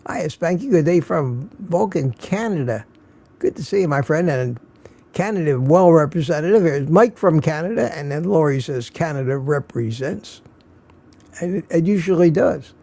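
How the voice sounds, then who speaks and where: A man's voice: a little high, animated, normal speed, vocal fry, mellow. An older man hosting a casual live stream, tired and a little slurred, greeting viewers by name and chuckling often. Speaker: livestream host.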